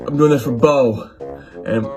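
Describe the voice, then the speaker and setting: Young guy doing a halting old politician rallying the crowd, plain voice, music underneath. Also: medium pitch, muffled recording, close to an everyday voice. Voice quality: halting, repeating words. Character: older male politician giving a rally speech.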